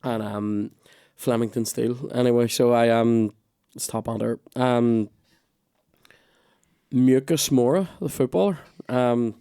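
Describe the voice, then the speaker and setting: A man hosting a podcast, chatting casually and rambling from one story to the next. He swears a lot, loses his thread, and breaks off now and then to cough. His voice sits at an ordinary middle pitch. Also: slow, warm tone, clear, resonant tone. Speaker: podcast host. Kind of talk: casual chat.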